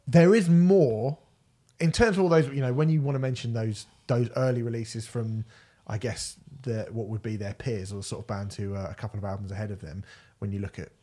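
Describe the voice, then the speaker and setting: A man's voice: mid-range voice, fairly even intonation, fairly quick, mellow. A man co-hosting a podcast, chatting casually about albums with enthusiasm, swearing and restarting sentences. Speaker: podcast co-host. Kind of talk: casual music review chat.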